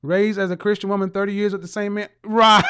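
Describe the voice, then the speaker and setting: A man's voice: high voice, pushed and bright, clear, resonant tone. A man hosting a live stream, reading viewer comments aloud and mocking them with teasing rhetorical questions and bursts of laughter.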